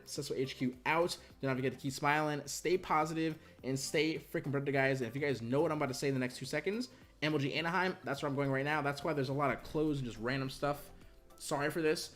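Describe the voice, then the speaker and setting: Young male tutorial host, quick rambling delivery, a bit high, bedroom recording. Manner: rambling, repeats "right?" and "you guys". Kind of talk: casual screen-recorded software tutorial.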